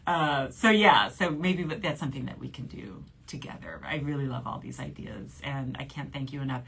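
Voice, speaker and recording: This forties-aged woman from New Orleans, USA, talks at normal speed with hardly any pauses, in a low-pitched, slightly bright voice with a breathy edge. Hosting a shopping channel livestream, she chats casually, reads viewer comments aloud, and laughs a lot.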